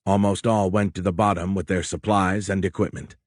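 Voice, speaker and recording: A male narrator reads a war novel in a measured, steady storytelling manner. His voice sits fairly low, and the studio recording is close and completely dry. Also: no room sound. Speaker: audiobook narrator. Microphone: close studio mic.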